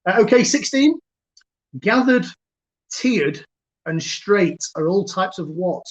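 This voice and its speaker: Man, quiz host, fairly high voice, chatty and chuckling, muffled video-call audio. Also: animated. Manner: chatty, chuckling, repeats each question slowly. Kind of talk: hosting a virtual pub quiz. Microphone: computer mic on a video call.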